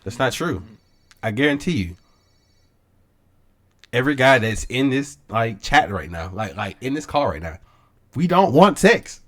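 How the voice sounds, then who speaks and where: A man's voice: medium pitch, unhurried, long pauses. A man co-hosting a podcast in casual chat, rambling with lots of fillers. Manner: rambling, filler-heavy, animated. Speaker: podcast co-host.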